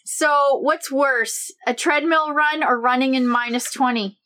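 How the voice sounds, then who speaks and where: A woman co-hosting a podcast, asking quick questions in a cheerful, laughing way. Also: high-pitched, fairly even intonation, sharp tone. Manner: upbeat, laughs often. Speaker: podcast co-host. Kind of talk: casual interview chat.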